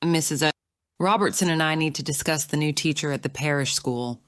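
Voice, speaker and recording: A woman voicing a genteel middle-aged mother in an audiobook, courteous and brisk. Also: sits low, fairly bright tone, dry recording, clean studio sound. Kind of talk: audiobook character reading.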